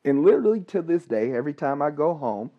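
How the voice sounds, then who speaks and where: A man, a licensed counselor, telling a personal story on a podcast, talking haltingly with pauses, restarts and repeated words. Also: fairly high pitch, sing-song. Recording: dull, slightly lo-fi recording.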